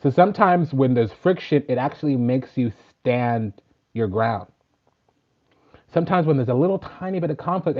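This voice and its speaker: A man who works as a spiritual teacher gives a casual sermon, emphatic and profane, preaching in rhythmic lists. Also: mid-range voice. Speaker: spiritual teacher and tarot reader. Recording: dull lo-fi recording.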